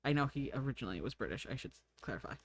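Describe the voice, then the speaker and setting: A woman's voice: rumbling low, expressive, racing, no echo. A young woman streaming, chatting casually and giggling while she draws and reads chat. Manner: chatty, giggly, thinks aloud.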